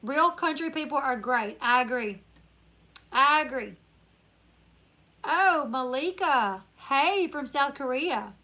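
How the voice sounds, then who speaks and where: A woman with a country Northern Louisiana accent hosts a casual live stream, chatting easily and reading out viewer comments as they come in. Her voice sits high and bright. She sounds a little tired. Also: animated, slow, long pauses. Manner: chatty, reads viewer comments aloud, laughs often. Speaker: YouTuber live-stream host.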